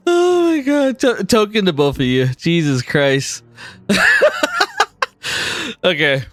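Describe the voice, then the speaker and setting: A man narrating as game master of a tabletop game, animated and quick to laugh. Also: high voice, no room sound, faint music behind.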